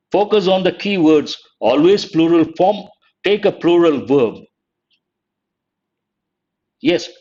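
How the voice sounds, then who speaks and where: A man's voice: on the high side, a little mellow, muffled recording. A man, teaching an exam-prep lecture online, quizzing students and spelling words letter by letter. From India. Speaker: English teacher.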